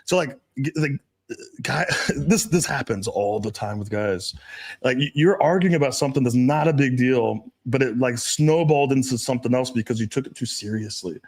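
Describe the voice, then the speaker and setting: A man hosting a podcast in casual chat, telling stories in a crude, profane, animated way. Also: medium pitch, moderate pace. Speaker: podcast host.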